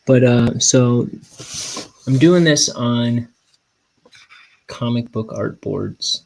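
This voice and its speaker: A young man, a cartoonist, rambling in a meandering, self-deprecating way with deadpan jokes while he works. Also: mid-range voice, extremely slow, gravelly, a little hiss or hum. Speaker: cartoonist inking his graphic novel. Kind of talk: casual rambling studio vlog.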